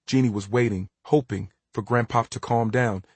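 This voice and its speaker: A man narrating a story in an even, storytelling delivery. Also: medium pitch, normal speed, husky, no echo. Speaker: audiobook narrator. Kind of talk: scripted narration.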